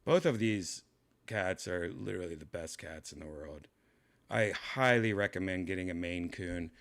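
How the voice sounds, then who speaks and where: A man's voice: low-pitched, moderate pace. A man hosting a casual home vlog, rambling in a laid-back way while showing his cats in a room at home. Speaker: host showing his pets.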